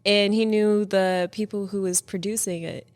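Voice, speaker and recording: A young woman chats as a guest on a podcast in a mid-pitched voice, recorded close and dry. She talks easily, laughs often, and fills pauses with ums and likes. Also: no echo. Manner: relaxed, giggly, lots of fillers. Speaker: podcast guest, model and actress. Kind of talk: casual interview chat.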